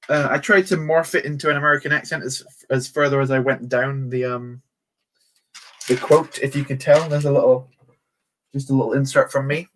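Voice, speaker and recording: Chatty man streaming, flat delivery. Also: mid-range voice, a little fast. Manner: chatty, joking, self-mocking. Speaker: livestreamer. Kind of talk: casual livestream chat while building a toy set.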